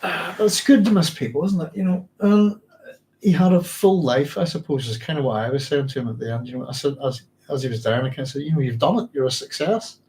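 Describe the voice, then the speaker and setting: A tired middle-aged man from Northern Ireland with a mixed Northern Irish and English accent, speaking to an audience in a halting, reflective way with many restarts as he talks about his late father. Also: medium pitch, lively intonation, warm tone, slight background noise. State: physically tired. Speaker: podcast host. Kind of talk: emotional personal storytelling to a live audience.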